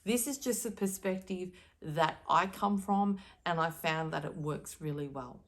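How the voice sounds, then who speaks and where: A woman's voice: lowish voice, unhurried. A woman speaking directly to camera as a spiritual card reader, giving earnest, emphatic advice.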